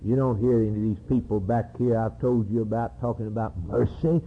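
A man's voice: lowish voice, a little fast, husky. A man preaching a sermon, reading scripture and acting out its cries with dramatic emphasis. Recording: tinny lo-fi phone-like recording.

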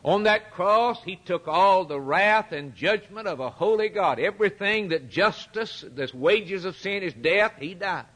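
A man's voice: high-pitched, lively intonation, measured pace, few pauses, a bit bright. A man preaching a sermon, emphatic and repetitive, dramatically retelling scripture and addressing the congregation as brethren.

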